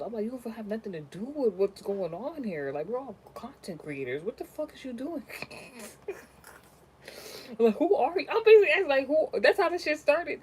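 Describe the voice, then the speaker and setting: Young woman, casual vlogger, profane and animated storyteller with a mid-pitched voice, faint background hiss. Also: low-quality recording. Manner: profane, animated and ranting, swings from low mutters to loud outbursts. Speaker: content creator.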